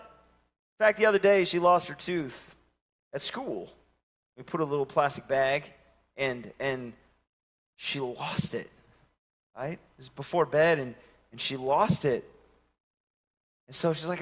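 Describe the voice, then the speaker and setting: Bright-voiced, animated pastor. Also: male voice, high-pitched, normal speed. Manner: animated storytelling, acting out voices. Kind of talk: sermon with personal stories. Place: church sanctuary.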